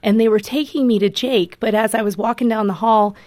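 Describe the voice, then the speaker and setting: A woman's voice: fairly high pitch, steady tone, a little fast, darkish tone, no echo. A mother, a guest on a radio interview, tells her story in an earnest, emotional way. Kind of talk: personal testimony in an interview.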